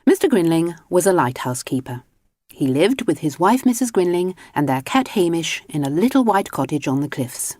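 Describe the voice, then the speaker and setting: A woman reading a children's storybook aloud in a gentle, expressive way. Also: lowish voice, moderate pace, dry recording. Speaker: audiobook narrator. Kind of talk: storybook narration.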